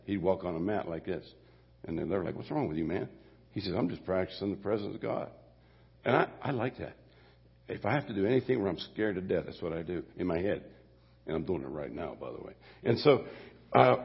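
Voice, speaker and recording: Older pa preacher guy, gravelly husky voice, rambly folksy sermon, muffled echoey church sound. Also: lowish voice. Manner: folksy and rambling, with restarts and storytelling asides. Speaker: guest pastor. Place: church sanctuary. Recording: muffled church recording with long hall reverb.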